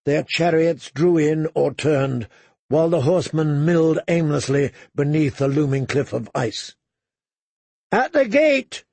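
A man narrating a dramatic audiobook, measured, sinking to hushed low tones for tension. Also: fairly even intonation, creaky, no room sound.

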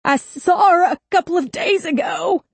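A woman's voice: on the low side, animated, slow pace, darkish tone, no echo. A woman voicing an angry, crude young man under police interrogation, snarling and sneering, in a dry close-up audiobook recording. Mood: pained screaming. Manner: snarling and crude, turning whiny and panicked when hurt.

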